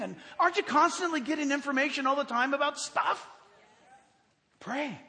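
Animated high-voiced male preacher in a hall. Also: moderate pace, creaky, long pauses. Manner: animated, acts out prayers and dialogue, asks the congregation questions. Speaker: pastor. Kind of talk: sermon. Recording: long hall reverb.

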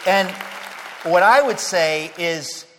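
A man giving an impassioned sermon-style speech to a Christian audience, emphatic and fervent, swinging from low, quiet passages to loud declarations. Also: animated, slow, noisy background. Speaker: speaker addressing a Christian audience. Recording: long hall reverb, faint crowd.

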